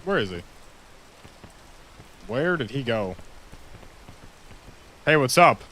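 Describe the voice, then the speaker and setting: A man's voice: medium pitch, big pitch swings, slow pace, sharp tone, slight background noise. A man giving casual, joking gameplay commentary to a friend, making mock-dramatic complaints. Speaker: video game player.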